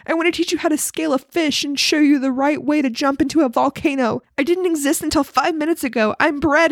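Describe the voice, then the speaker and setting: A woman's voice: sits high, no echo, clean studio sound, voice pushed up, natural voice. A woman voicing a sentimental male loaf of bread that earnestly pleads to live.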